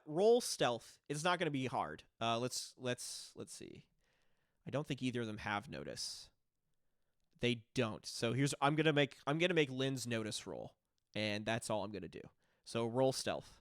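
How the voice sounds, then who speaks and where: A man's voice: mid-range voice, a little slow, long pauses, no echo, studio quality. Laid-back man running a tabletop game. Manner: relaxed, filler-heavy narration. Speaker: game master.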